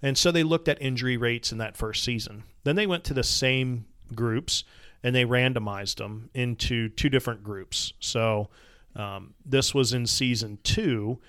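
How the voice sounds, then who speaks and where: A man's voice: mid-range voice, measured pace, fairly bright tone, clear, resonant tone, no echo, studio quality. A man in his forties hosting a podcast, explaining things in a chatty way with plenty of filler words. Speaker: podcast host. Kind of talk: casual chat.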